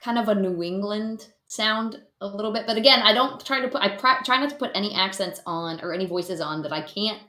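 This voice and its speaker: An American woman in casual podcast chat. She talks at a middle pitch and giggles often, tripping over her own sentences. Her voice rings out in a roomy, echoey space. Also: fairly quick, hardly any pauses, sharp tone. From United States. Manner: giggly, chatty, many restarts. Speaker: podcast guest, voice actor.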